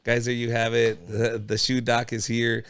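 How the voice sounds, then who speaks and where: A man's voice: mid-range voice, monotone, normal speed, fairly bright tone, clear, resonant tone, no echo. A man with a Mexican accent hosting a podcast, chatting loosely with a guest, swearing and laughing often. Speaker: podcast host, comedian. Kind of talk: casual interview chat.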